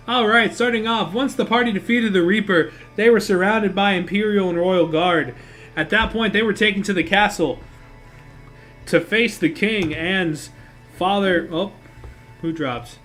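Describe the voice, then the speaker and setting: A man's voice: high-pitched, moderate pace, fairly bright tone, faint music behind. A man acting as game master who recaps and narrates a tabletop game on a stream in a casual, rambling way, swearing freely and correcting himself as he goes.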